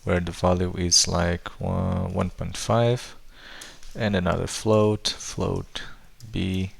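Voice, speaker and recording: A man's voice: sits low, flat delivery, slow, creaky, husky. A man walking through code step by step in a tutorial, thinking aloud with frequent fillers and restarts. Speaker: programming tutor. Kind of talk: screen-recorded coding tutorial.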